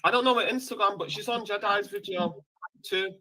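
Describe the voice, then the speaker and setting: A man's voice: sits high, brisk, pushed and bright, rough recording. A man co-hosting a livestream, joking casually in banter and laughing often.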